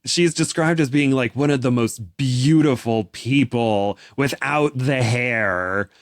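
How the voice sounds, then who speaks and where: A young man co-hosting a casual chat, animated and full of restarts, breaking into excited voices when he quotes someone. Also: mid-range voice, slow, no room sound, clean studio sound. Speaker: podcast co-host. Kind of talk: casual chat recapping a novel.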